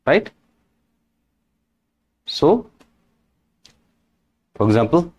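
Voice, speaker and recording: A man gives a deliberate, unhurried language lesson, his pitch rising and falling widely as he stresses each example. He keeps checking in with short questions and drags out key words for emphasis. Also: big pitch swings, darkish tone, lo-fi sound. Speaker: French teacher. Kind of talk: slow explanatory lesson.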